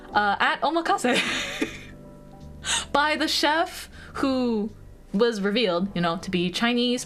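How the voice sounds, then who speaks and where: A woman's voice: a little high, a bit bright. A young American woman streaming casual chat, bubbly and giggly, with lots of fillers. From United States.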